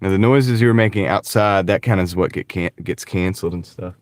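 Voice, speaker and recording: A man's voice: low-pitched, a little fast, no room sound. A young man with a Southern US accent chatting casually on a livestream while driving deliveries, rambling and saying "like" and "dude" a lot, recorded in his van on a clip-on mic. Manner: rambling, says "like" and "dude" often. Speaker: delivery driver streaming. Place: inside a van. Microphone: wireless clip-on mic.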